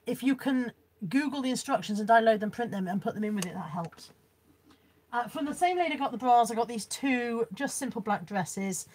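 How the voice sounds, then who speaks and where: A woman's voice: fairly high pitch, animated, fairly quick, darkish tone, husky. A woman chatting casually on a live stream as she shows off a car boot haul and reads out viewers' comments, laughing often.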